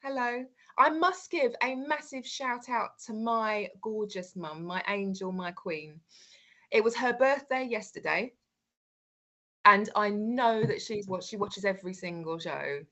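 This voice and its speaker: A woman's voice: medium pitch, measured pace, pushed and bright. A woman co-hosting a casual online show, giggly and bubbly as she greets viewers by name. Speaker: co-host. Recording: lo-fi online stream audio.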